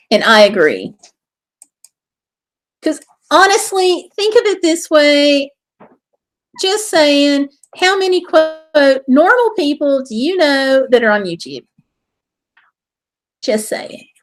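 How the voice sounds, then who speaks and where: A woman's voice: sits high, expressive, slow pace, long pauses. A woman hosting a casual live stream, chatting in a bubbly way and reading viewer comments aloud. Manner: bubbly and chatty, with exclamations and laughter.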